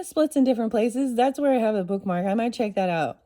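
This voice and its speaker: A woman giving a casual tarot reading and reading aloud from a storybook, excitable and talking straight to her viewers. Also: on the high side, brisk, hardly any pauses. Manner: excitable, talks straight to viewers, bursts of laughter. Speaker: tarot reader.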